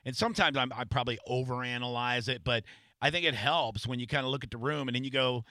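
A man hosting a radio show, with a bright, forceful voice. He rambles through casual stories with plenty of restarts and fillers. The sound is dry and close. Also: mid-range voice, fast talker, no room sound. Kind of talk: casual radio interview chat.

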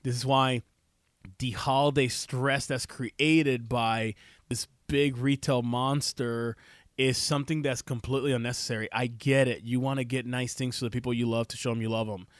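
A middle-aged man hosts a talk show, speaking in a heartfelt, preachy way as he tells a family story and turns it into advice. His voice sits in an ordinary middle pitch and is recorded dry and close, with no room sound. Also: steady tone, normal speed, no echo. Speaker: show host. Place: Ohio.

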